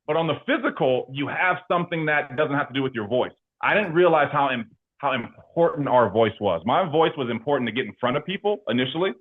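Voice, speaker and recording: Slangy, animated man on a tinny line. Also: mid-range voice, fairly quick, hardly any pauses, breathy edge. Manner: animated and slangy, full of filler words. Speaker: insurance agency leader and guest. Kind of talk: casual interview talk.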